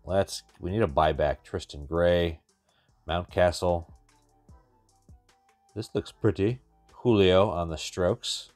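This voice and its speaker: A man's voice: low voice, slow pace, long pauses, darkish tone, dry recording, soft background music. A man hosting a card-opening channel, giving wry, chatty running commentary as he opens packs. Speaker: card-breaking channel host. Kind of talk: casual pack-opening commentary.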